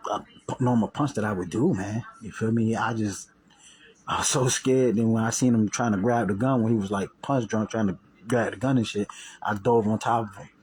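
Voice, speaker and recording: Speaking at a normal speed in a lowish voice, this man is captured on a rough recording. His personal story for viewers is loose, profane and full of slang, with repeated restarts and quoted voices performed loudly.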